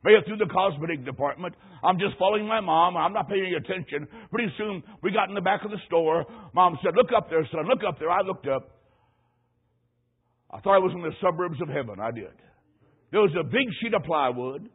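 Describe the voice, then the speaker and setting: A middle-aged man preaching in a folksy storytelling way, his voice pitched high and husky. He hammers key phrases by repeating them. The sound is thin and tinny, like an old radio broadcast. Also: animated, a little fast. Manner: folksy storytelling with emphatic repetition. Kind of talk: sermon.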